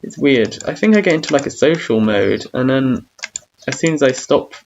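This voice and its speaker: A young gamer rambles through his thoughts in a gravelly, mid-pitched voice, self-mocking about how awkward he is and drifting into hums between lines. The sound is dull and lo-fi, with faint keyboard clicks behind him. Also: animated, normal speed, slight background noise. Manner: hums and sings between talk. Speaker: gamer streamer. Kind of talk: casual gaming commentary.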